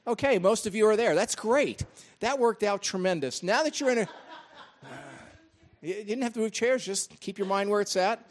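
Guy pastor talking to the church, pretty high voice, friendly and relaxed. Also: normal speed. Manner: friendly, conversational. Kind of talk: sermon introduction. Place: church hall.

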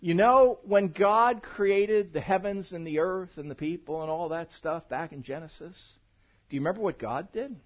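A man preaching a sermon to his congregation in church, talking in a conversational, animated way and mixing humor with teaching. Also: sits high, normal speed, highs cut off. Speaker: pastor. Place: church sanctuary.

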